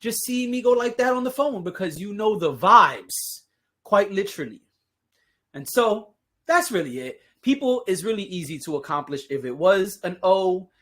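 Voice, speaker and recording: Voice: mid-range voice, animated, moderate pace, fairly bright tone. A podcast host chatting casually on their own, full of playful jokes, sarcastic asides and frequent laughs. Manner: laughs often while talking. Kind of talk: casual solo podcast talk.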